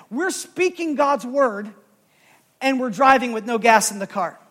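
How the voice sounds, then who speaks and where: A man's voice: very high-pitched, moderate pace. A man preaching a sermon, telling a story and quoting scripture with growing fervor. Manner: animated, rises to loud fervent scripture quoting.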